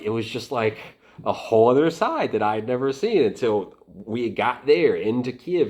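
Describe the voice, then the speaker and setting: A man from Atlanta telling a story in a casual, rambling way, with many halting restarts. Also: on the low side, a little mellow. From Atlanta, United States. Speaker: volunteer fighter recounting experience.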